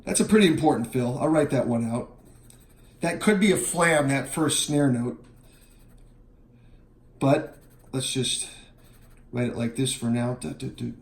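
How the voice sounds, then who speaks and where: A man explaining how to chart a drum part, counting beats out loud and scatting the fills. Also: medium pitch, measured pace, pauses often. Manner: counts beats aloud and scats drum parts. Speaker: drum teacher. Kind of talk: instructional walkthrough. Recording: roomy, with music playing.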